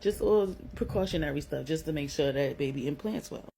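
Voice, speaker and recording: A young Brooklyn woman with a New York accent tells a personal story, blunt and slangy, cursing freely and packing her talk with "like." Her voice is deep, warm and creaky, and she talks a little fast. The recording is rough, with a faint hiss or hum.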